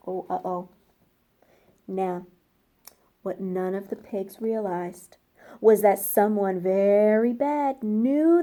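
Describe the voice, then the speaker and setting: A woman reading a storybook aloud to young children, gentle and slow, asking them questions as she goes. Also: mid-range voice. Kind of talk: interactive storybook read-aloud.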